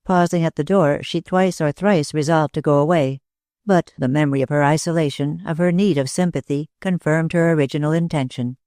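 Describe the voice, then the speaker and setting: Dry, measured audiobook narration. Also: mid-range voice, darkish tone, no echo.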